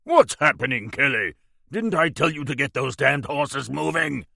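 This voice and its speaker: A man's voice: lowish voice, lively intonation, unhurried, creaky, sharp tone, no room sound, clean studio sound, full character voice. A man reading an audiobook, voicing a blustering, cowardly wealthy man with a different timbre from his narration. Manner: angry, demanding bluster.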